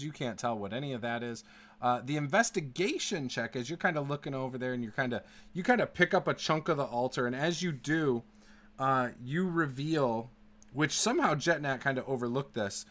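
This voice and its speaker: A man narrating a tabletop game as game master, halting with many fillers. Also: mid-range voice, expressive, fairly bright tone. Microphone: online call.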